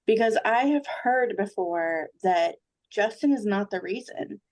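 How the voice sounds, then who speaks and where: A woman's voice: mid-range voice, animated, measured pace, a little mellow. A woman with a mid-range voice chats casually on a podcast. She comes across as blunt and playful and swears now and then. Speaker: podcast co-host. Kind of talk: casual chat.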